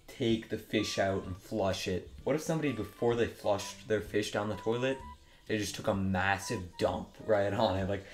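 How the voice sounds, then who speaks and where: A young man giving crude, mocking commentary while trolling other players in an online game. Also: lowish voice. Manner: joking, mocking, crude humor. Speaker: gaming YouTuber.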